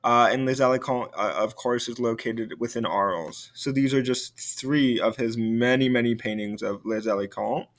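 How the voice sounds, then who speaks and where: A young adult man, a French teacher, giving a recorded video lesson in a relaxed way with many fillers and restarts. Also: medium pitch, normal speed, few pauses.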